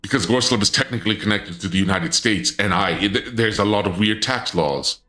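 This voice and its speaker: A man chats on a livestream in the guise of a dark lord. His voice sits on the low side but has a bright, forceful edge. He sounds flustered and indignant, stammering through restarts and jumping into high-pitched outbursts, with faint music behind him. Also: brisk. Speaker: streamer. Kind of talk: casual livestream chat in a dark lord persona.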